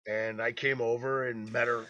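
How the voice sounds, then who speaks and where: A man with a bright, forceful voice tells a rambling story among friends, swearing freely and chuckling as he goes. The podcast audio is dull and lo-fi. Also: medium pitch, little pitch movement, moderate pace. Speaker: podcast co-host.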